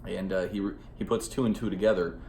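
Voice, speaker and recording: Casting: man with a very low voice, loose, rambling and profane movie review, recorded in an echoey room. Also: fairly even intonation, fast, mellow, a little hiss or hum. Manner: rambling and profane, heavy on fillers. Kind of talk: casual spoken movie review.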